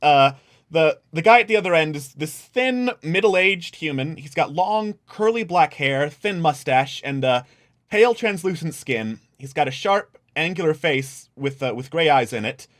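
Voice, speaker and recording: A man's voice: on the high side, expressive, normal speed, fairly bright tone. A man narrating as game master of a tabletop role-playing game, with many hesitations and fillers.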